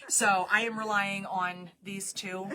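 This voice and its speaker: A woman running a casual live stream for her shop, chatty and quick to laugh. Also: mid-range voice, little pitch movement, crowd noise.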